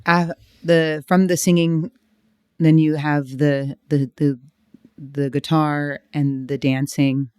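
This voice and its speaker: Podcast guest: woman from San Diego, smooth clear voice, dry close sound, measured explaining. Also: low-pitched, little pitch movement, a little mellow, no echo. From San Diego, United States. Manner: explains in measured phrases, laughs easily. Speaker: flamenco dancer, guest. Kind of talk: podcast interview.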